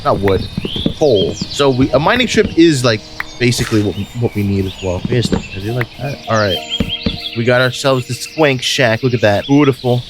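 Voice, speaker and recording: A man's voice: mid-range voice, animated, moderate pace, noisy background. A man doing jokey, rambling let's-play commentary, full of self-mocking asides. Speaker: gaming channel host.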